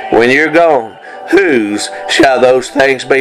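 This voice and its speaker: A man preaching an impassioned revival sermon, swinging between urgent bursts and slow, drawn-out lines. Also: medium pitch, soft background music, rough recording.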